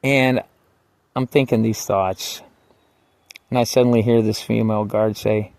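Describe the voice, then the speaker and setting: A man's voice: lowish voice, steady tone, unhurried, gravelly, long pauses, dry recording. A man casually recounting his own time in jail, rambling, profane and wry, with lots of filler words. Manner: rambling and profane, full of "like" and "you know"; wry, swings between quiet asides and heated outbursts. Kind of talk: casual spoken personal story.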